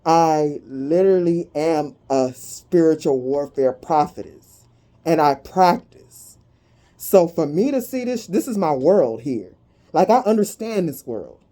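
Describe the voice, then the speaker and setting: A woman giving a tarot and energy reading to her viewers, talking in an animated, slangy way and breaking into sudden whoops of excitement. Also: low-pitched, unhurried.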